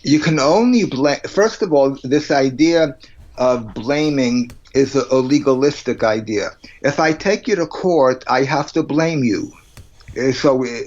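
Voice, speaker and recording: A man's voice: medium pitch, dull audio. A man being interviewed as a psychologist on a podcast, speaking bluntly and emphatically and arguing through plain everyday examples. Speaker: psychologist guest.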